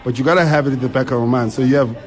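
A man in his thirties, a stand-up comedian chatting as an interview guest, rambling with many restarts and quick laughs. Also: mid-range voice. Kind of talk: casual interview chat.

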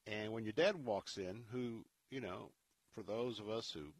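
A man hosting a Christian radio talk show, speaking in an earnest, preacherly way and dropping to a hushed tone when he tells a story. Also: lowish voice, measured pace, no room sound. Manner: earnest, preacherly, drops to a hush for stories.

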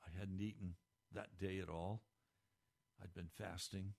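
A man giving a radio devotional, speaking fervently, his pitch climbing when moved, recorded in a radio studio. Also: fairly even intonation, a little slow, gravelly, a little mellow, husky. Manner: fervent, rising pitch with emotion. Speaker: radio preacher.

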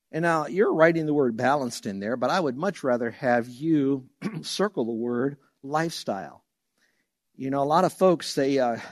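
A male pastor preaching a sermon in an animated way, acting out quoted voices and laughing now and then. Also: mid-range voice, no room sound, clean studio sound.

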